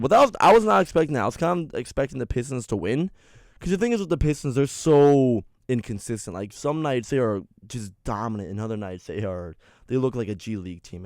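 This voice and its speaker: A man's voice: mid-range voice, a little mellow, no echo. Young male co-host, casual and jokey, mid-range voice, dry close studio mic. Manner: joking, laughs often, plays with silly accents. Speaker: co-host of a college radio sports show. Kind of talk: casual sports radio chat.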